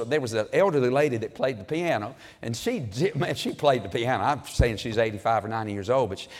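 A man preaching a sermon in a folksy storytelling way, building to loud, emphatic peaks. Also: mid-range voice, big-room sound.

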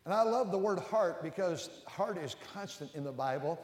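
Older preacher man booming in an echoey hall. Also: animated, normal speed. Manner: rising to loud emphatic peaks, then dropping low and intimate. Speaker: pastor. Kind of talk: sermon. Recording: echoey hall with long reverb.

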